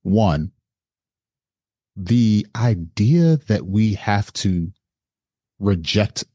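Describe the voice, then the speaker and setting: A man with a very deep voice speaks earnestly and encouragingly as a podcast guest. The sound is dry and close, with no room echo. He talks in a relaxed conversational flow, often listing points. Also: very slow. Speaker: assistant principal, podcast guest. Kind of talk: casual interview conversation.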